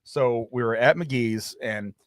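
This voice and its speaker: A podcast co-host tells a rambling, profane story in casual conversation. His voice is medium-pitched and unhurried, recorded cleanly in a studio with no echo.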